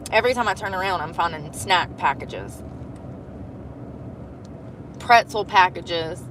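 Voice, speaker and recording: A woman chatting casually on a livestream from inside her truck, telling animated stories and swearing freely. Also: on the low side, slow pace, slight background noise.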